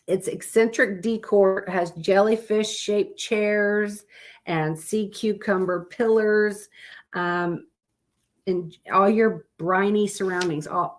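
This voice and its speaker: A woman hosting a live stream, chatting casually and rambling as she looks through pictures. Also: on the low side. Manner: chatty, rambling, with fillers and self-corrections.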